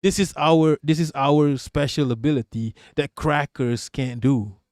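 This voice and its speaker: A man's voice: a little high, steady tone, measured pace, a little mellow, no echo, studio quality. A man from Malaysia with an American English accent, streaming and reacting to chat in a blunt, profane, rambling way. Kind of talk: livestream commentary, reading chat.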